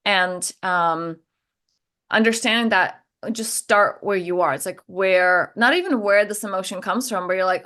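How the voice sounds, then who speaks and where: A woman's voice: on the low side, moderate pace, pushed and bright. A middle-aged woman coach chatting candidly and animatedly over a video call, with many fillers and easy laughs. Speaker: transformation coach. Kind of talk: casual spiritual conversation.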